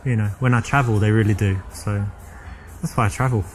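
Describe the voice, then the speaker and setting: A man's voice: lowish voice, fairly even intonation, brisk, soft background music, natural voice. An actor playing a cocky, boastful British man with a British accent, bragging and teasing on a date in a game. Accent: British English. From England.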